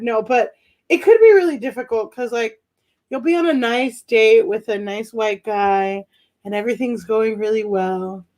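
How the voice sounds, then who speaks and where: A young woman performing a stand-up set from home over a video call, rambling, laughing at her own jokes and shouting her punchlines. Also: on the high side, lively intonation, moderate pace. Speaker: stand-up comedian. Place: home during quarantine.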